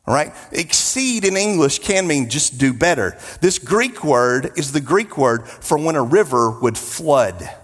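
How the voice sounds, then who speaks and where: A man preaching a sermon, emphatic, with drawn-out repetitions and joking asides. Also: fairly high pitch, lively intonation, long reverb tail.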